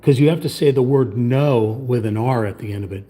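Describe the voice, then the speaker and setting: Brief: livestream host, man, mellow tone, casual rambling chat at his painting table. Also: mid-range voice, fairly even intonation, normal speed, slightly rough. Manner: rambling, chatty, trails off into muttering.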